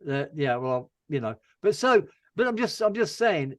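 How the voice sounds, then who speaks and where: A man's voice: fairly high pitch, big pitch swings, normal speed, no room sound. An older man from England in casual chat as a guest, rambling and dry-humoured.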